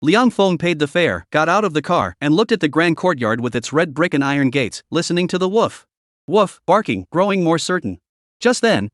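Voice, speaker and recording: A man narrating a recap story in a scripted, lively storytelling manner. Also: a little high, no room sound, studio quality.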